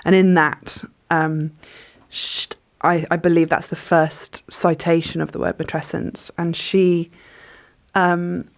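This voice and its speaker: A woman in her thirties speaks as an interview guest in a low voice. She thinks out loud and pauses often to find her words. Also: flat delivery, creaky. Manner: thoughtful, reflective, with frequent hesitations. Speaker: author and journalist guest. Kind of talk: conversational interview.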